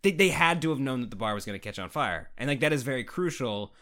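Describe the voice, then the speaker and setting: Lively man from Canada, animated chat. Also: medium pitch, fast talker. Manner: animated, swearing, laughing, talks in bursts with restarts. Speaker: podcast co-host. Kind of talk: casual chat.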